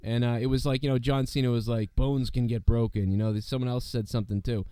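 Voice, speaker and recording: A hoarse, sick man hosting a podcast in casual, rambling, profane chat full of fillers. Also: mid-range voice, steady tone, fast talker, mellow, no room sound. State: hoarse from illness. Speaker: podcast host.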